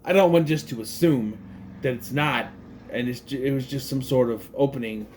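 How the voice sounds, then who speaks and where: A man's voice: medium pitch, moderate pace, a little mellow, slight background noise. A man giving a casual spoken movie review, rambling and correcting himself as he thinks aloud.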